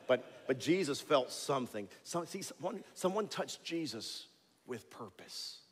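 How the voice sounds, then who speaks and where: A male pastor preaching in a church sanctuary with a conversational, animated, storytelling delivery and a mid-range voice. His words carry a long reverb from the hall. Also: medium pitch, measured pace, a little hiss or hum. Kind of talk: sermon.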